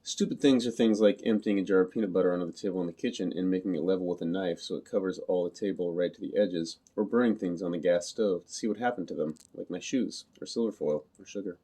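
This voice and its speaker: Low, mellow male audiobook reader. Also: breathy edge. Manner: flat, literal, measured delivery. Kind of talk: first-person novel reading.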